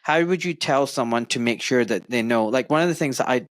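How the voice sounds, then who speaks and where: A middle-aged Glaswegian man hosts a podcast in a dry, close recording. He talks in an earnest, effusive way, wandering through his thoughts with fillers. His pitch sits in the middle range. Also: brisk, dry recording. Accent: Glaswegian Scottish. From Scotland. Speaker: podcast host. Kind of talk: warm conversational interview.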